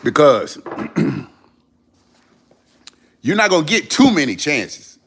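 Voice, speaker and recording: A man's voice: a little high, big pitch swings, slow, fairly bright tone, slightly rough. A man hosting a livestream, giving an earnest motivational talk to his viewers, repeating his points for emphasis in casual slang. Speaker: livestream host.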